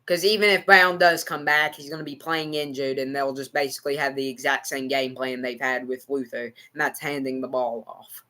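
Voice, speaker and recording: A man's voice: mid-range voice, flat delivery, moderate pace, hardly any pauses, bright, forceful tone. A man with an American country accent giving rambling, repetitive live football reaction and talking to his chat. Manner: rambling, repeats himself, talks to chat. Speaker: livestream sports reactor.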